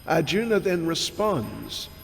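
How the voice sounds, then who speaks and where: A man, a swami, giving a scripture class as a sermon, talking slowly and deliberately and clearing his throat often. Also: fairly high pitch, big pitch swings, faint music behind. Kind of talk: sermon-style scripture lecture. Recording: long hall reverb with faint background noise.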